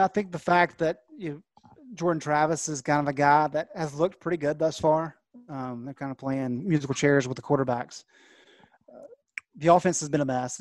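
Football reporter, man, slightly high voice, dry sound, measured analysis. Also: a little mellow, no room sound. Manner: thoughtful, measured, with fillers. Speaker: college football beat reporter. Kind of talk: casual sports analysis.

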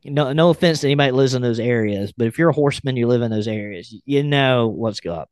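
A man's voice: medium pitch, fast talker, darkish tone, clean tone, dry recording, studio quality. A man hosting a podcast, chatting casually and reading a post aloud with blunt, wry remarks. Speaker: podcast host.

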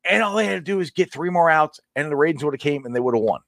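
Male sports stream host, animated delivery, dry close mic, rambling and excitable. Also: a little high, rapid-fire, dry recording. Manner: excitable, rambling, laughs often. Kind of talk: casual live-stream chat.

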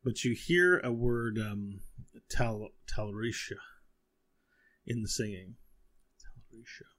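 A man narrating as game master of a tabletop game, talking in a relaxed, rambling way with many fillers. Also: on the low side, slow.

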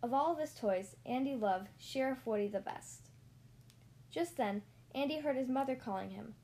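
A woman reading a children's storybook aloud in a clear, steady voice. Her voice sits a little high for a woman. She keeps an even storytelling pace. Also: normal speed. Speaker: narrator.

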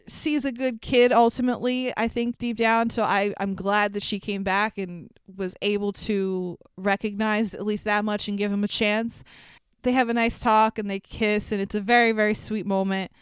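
A woman's voice: medium pitch, steady tone, normal speed, clear, resonant tone, dry recording, clean studio sound. A woman in casual conversation about a film, chatty and opinionated, who laughs often. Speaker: podcast co-host. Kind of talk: casual movie recap chat.

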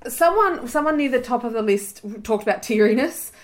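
A woman's voice: a little high, lively intonation, fairly quick, a little hiss or hum, rough recording. A woman co-hosting a podcast, telling stories in casual chat and laughing often. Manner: chatty storyteller, laughs often. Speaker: podcast co-host.

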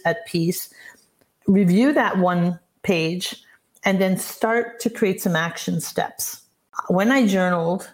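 A woman in her sixties, a business coach, telling personal stories in an earnest, reflective way as a podcast guest. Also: on the low side. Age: 60s. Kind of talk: podcast interview, storytelling.

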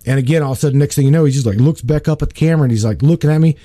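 A man telling a story in a casual chat, animated, often repeating words and acting out the lines of the people in it. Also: a little high, very fast, no room sound. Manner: animated, repeats words, acts out quoted dialogue. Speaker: guest telling of spiritual work.

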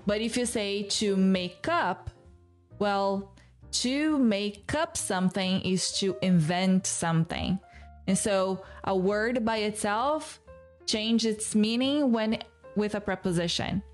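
A woman's voice: medium pitch, slow pace, soft background music. A woman teaching English who explains patiently, step by step, and repeats the key words.

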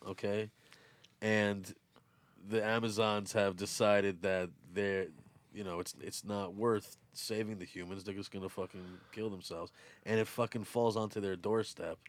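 A man's voice: on the low side, fairly even intonation, unhurried. A man in a casual group chat, skeptical and sarcastic, swearing freely.

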